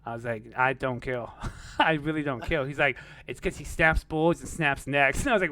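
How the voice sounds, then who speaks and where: A man's voice: medium pitch, normal speed, pushed and bright, no echo. A young man casually telling a rambling story on a podcast. He peppers it with "like" and curse words and laughs at his own tale.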